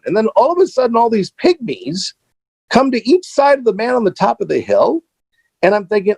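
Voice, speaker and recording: Animated, gravelly-voiced man telling a story. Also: normal speed, no room sound. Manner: animated, with frequent fillers and restarts; grows higher and more excited as the tension builds. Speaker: political candidate as guest. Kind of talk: anecdotal storytelling.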